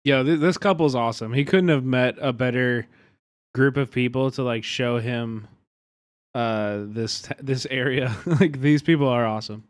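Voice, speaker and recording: A man with a Kansas City accent, commenting casually and profanely on a video during a live stream, given to excitable bursts of mock outrage. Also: mid-range voice, moderate pace. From Kansas City, USA.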